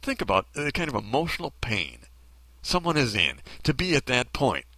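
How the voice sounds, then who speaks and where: A man's voice: medium pitch, wildly swooping pitch, normal speed, pushed and bright, no room sound. A man delivering a bitter, sarcastic ranting monologue full of rhetorical questions.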